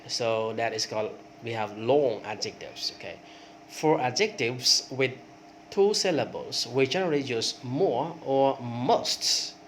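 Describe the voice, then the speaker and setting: A man whose first language is Khmer teaches an English grammar lesson, drilling word forms aloud, rising on examples and checking in with frequent "okay"s. His mid-range voice is expressive and a little slow, with slight background noise.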